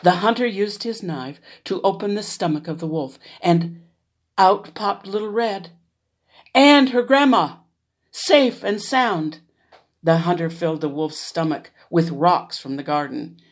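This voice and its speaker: A woman reading a children's fairy tale aloud in an expressive storyteller manner. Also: lowish voice, measured pace.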